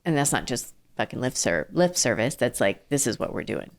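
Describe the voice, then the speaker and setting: Low-voiced earnest woman entrepreneur. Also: sing-song, a little fast. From southern California. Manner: earnest, with frequent fillers and restarts. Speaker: ice cream company founder and CEO, guest. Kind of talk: casual interview.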